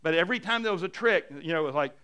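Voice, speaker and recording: A middle-aged man with a high-pitched voice preaches to his congregation in a relaxed, talky way. He stumbles over his first words now and then, and his voice sinks low and quiet when he drives a point home. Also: very fast, clear, resonant tone. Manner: conversational preaching, stumbling repeats, drops to a hushed voice for emphasis. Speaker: pastor. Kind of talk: sermon.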